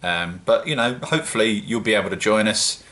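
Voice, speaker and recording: A man with a British accent talks to his viewers in a loose, rambling vlog. His voice sits low yet comes across bright and forward, and he pokes fun at himself as he chats. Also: brisk. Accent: British English. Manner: chatty, rambling, self-mocking. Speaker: home-brewing vlogger. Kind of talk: casual solo vlog.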